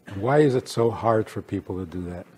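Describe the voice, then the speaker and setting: A rabbi teaching a lively lecture, teasing his listeners with rhetorical questions. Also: lowish voice, fairly quick, slightly rough.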